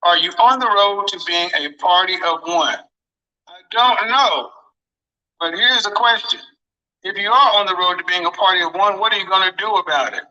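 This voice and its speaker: A man's voice: high-pitched, moderate pace, bright, forceful tone, recorded from a distance, highs cut off. A man lecturing viewers on dating in emphatic commentary, often repeating his phrases for effect.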